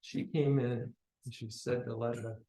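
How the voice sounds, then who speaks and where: A man's voice: mid-range voice, measured pace. Man telling a story in a roomy echo. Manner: conversational, animated, swings between loud and quiet. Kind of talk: personal storytelling.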